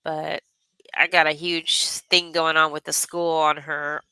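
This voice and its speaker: A woman's voice: low-pitched, level tone, unhurried, pushed and bright, clear, resonant tone, no room sound, poor audio. A woman in her thirties hosting a casual craft livestream, chatting in a rambling way and reading viewer comments aloud.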